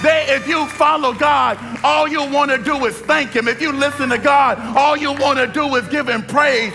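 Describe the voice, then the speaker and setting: A man preaching an energetic sermon at a church service. He shouts, stretches his words for emphasis and speaks straight to the congregation. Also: extremely high pitch, moderate pace, music in the background. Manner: addresses the congregation directly. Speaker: pastor.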